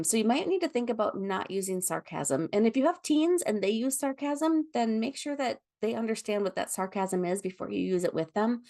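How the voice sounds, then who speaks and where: A woman teaching a foster parenting class in a gentle, explanatory way. She talks at a moderate, ordinary pitch, stopping now and then for an um or to correct herself mid-sentence. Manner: gentle, explanatory, with frequent ums and self-corrections. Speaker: foster care trainer. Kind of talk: training lecture.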